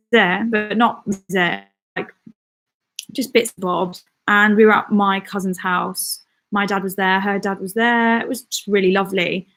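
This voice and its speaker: A chatty woman from the Midlands, hosting a casual live-stream. She rambles along with plenty of fillers and little laughs, reading out viewer comments and answering them as she goes. Her voice sits at an ordinary middle pitch. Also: a bit bright. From England, the Midlands. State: out of breath. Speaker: channel host.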